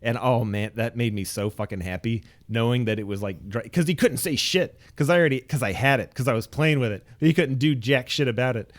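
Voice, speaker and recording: A young man chatting on a podcast about his past. He tells it with loose, profane energy and leaps into high, excited voices whenever he acts out his own lines. His pitch sits in an ordinary middle range. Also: brisk, few pauses. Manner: animated, swears freely, jumps into high excited voices when quoting himself. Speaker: podcast co-host. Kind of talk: casual storytelling chat.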